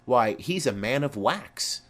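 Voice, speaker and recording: A man's voice: medium pitch, animated, takes it slowly, a bit bright. A man reading the part of a garrulous old female nurse who rambles on with chatty asides.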